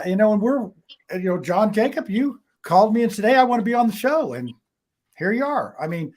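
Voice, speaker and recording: Older man hosting a chatty talk show. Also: on the high side. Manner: chuckling, rambling. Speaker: talk show host and voice actor. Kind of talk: casual online talk show.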